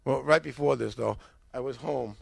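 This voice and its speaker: A man's voice: medium pitch, normal speed, gravelly, slightly rough, no room sound. An older man with an American accent, a former pastor, casually telling his story and acting out the dialogue with a rising voice. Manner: animated, acts out dialogue with rising voice.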